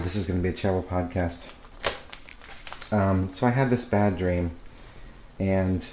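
A podcaster with a deep, slightly mellow voice chats casually in a home vlog while painting his kitchen, rambling and restarting often. The roomy kitchen adds echo, and there's faint noise.

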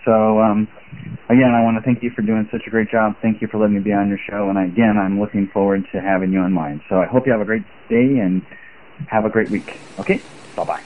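A man's voice: lowish voice, steady tone, fast talker, darkish tone. A man leaving a rambling, chatty voicemail for a podcast host while driving, his talk full of fillers. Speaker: caller, sales rep. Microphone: phone. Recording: tinny phone line with faint hiss.

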